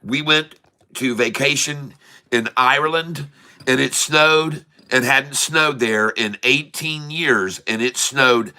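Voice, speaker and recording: A man hosting a casual livestream, chatting warmly and reading out where viewers are from. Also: medium pitch, slow, clean tone. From Michigan. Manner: chatty, reads out viewers' locations. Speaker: livestream host.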